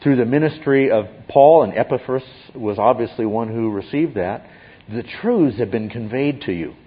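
A man's voice: mid-range voice, lively intonation, moderate pace, husky, muffled recording. A man giving an expository Bible teaching, emphatic and often checking in with his listeners.

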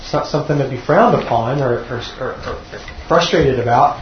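A man's voice: mid-range voice, a little fast, a little hiss or hum. Earnest guy preaching a bible lesson, dull muffled sound, roomy echo. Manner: earnest, repeats words when restarting. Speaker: teacher at a church class. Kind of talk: sermon teaching. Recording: dull echoey room recording.

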